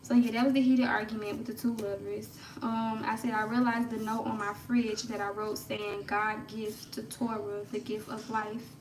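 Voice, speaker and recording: A woman casually telling a personal story on a livestream, chatty and laughing often, hushing to a whisper when she retells her prayers. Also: a little high, level tone, moderate pace, hardly any pauses, distant mic, crowd noise. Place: room at home. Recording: echoey room, off-mic, faint background noise.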